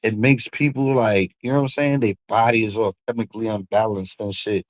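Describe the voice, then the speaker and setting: A man's voice: fairly low pitch, fairly quick, dry recording, poor audio. A man hosting a stream, ranting casually and profanely, with mocking asides. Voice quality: animated, profane, mocking impressions. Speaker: streamer host.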